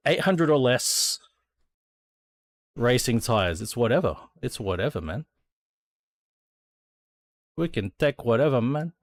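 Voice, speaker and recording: An easygoing Australian man with a mid-pitched voice muses aloud while browsing cars in a racing sim, dropping swear words without a second thought. His voice is dry and close, recorded on a desk mic with no room sound around it. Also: sing-song, takes it slowly, long pauses, no echo. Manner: laid-back, thinks aloud, swears freely. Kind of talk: casual gameplay chat.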